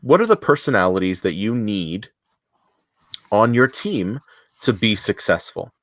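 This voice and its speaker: A man's voice: fairly low pitch, big pitch swings, measured pace, no room sound, studio quality. A man co-hosting a business podcast in casual chat, joking and loose, often restarting sentences. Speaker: podcast co-host.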